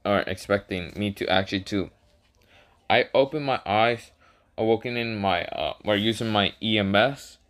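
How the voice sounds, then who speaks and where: A man's voice: fairly low pitch, normal speed, fairly bright tone. A man casually telling a self-made adventure story, rambling with lots of fillers and stopping to correct himself. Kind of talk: casual fan-fiction storytelling.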